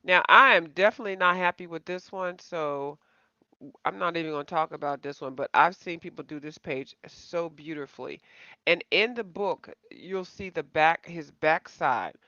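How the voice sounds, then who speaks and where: Rambling through a casual live-stream, a coloring channel host calls her viewers y'all and pokes fun at herself. Her lowish voice sounds pushed and bright, at a moderate pace, in a dry, slightly dull home recording.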